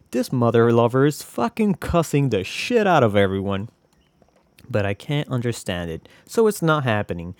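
A man's voice: medium pitch, big pitch swings, moderate pace, no room sound. A young man hosting a podcast, talking in a casual, confessional ramble full of swearing and self-mocking jokes. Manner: profane, joking, rambling. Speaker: podcast host.

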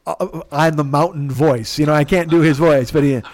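A man's voice: on the high side, fairly even intonation, normal speed, a little mellow. A man hosting a podcast, telling a comic story in a profane, exasperated way. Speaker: podcast host. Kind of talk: comedic storytelling.

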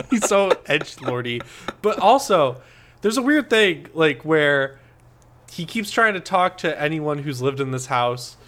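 A man's voice: fairly high pitch, sing-song, takes it slowly, pauses often, fairly bright tone. A man co-hosting a podcast in casual chat, sarcastic and swearing freely, laughing often. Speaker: podcast co-host.

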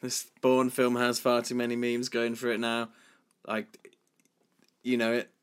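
A man's voice: mid-range voice, monotone, a little slow, clean tone. A man from England co-hosting a film podcast in casual chat, jokey and rambling. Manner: jokey, rambling, lots of fillers. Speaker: podcast co-host.

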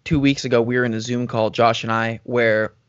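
A man's voice: medium pitch, brisk, clean tone, no echo. Young male runner, easygoing rambling chat, level voice with a dry close sound. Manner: relaxed, rambling, many fillers. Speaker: professional runner, podcast co-host. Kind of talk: casual chat. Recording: dull lo-fi audio.

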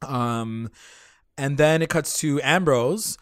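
A man's voice: medium pitch, slow pace, a bit bright, dry recording, clean studio sound. A man co-hosting a podcast in loose casual chat, full of fillers and swearing.

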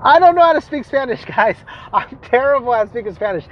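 A young man with a high voice rants through a casual vlog story, animated and exasperated, swearing freely. The sound is dull and lo-fi, with faint outdoor traffic behind him. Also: a little fast, hardly any pauses. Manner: animated, profane, exasperated ranting.

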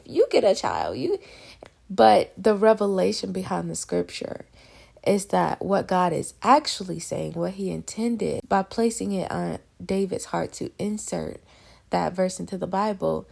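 A woman's voice: fairly low pitch, vocal fry, darkish tone. A young woman in her twenties sharing a faith testimony in a casual devotional talk, talking straight to listeners and near tears at times. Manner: emotional, on the verge of tears; conversational, addresses listeners as y'all.

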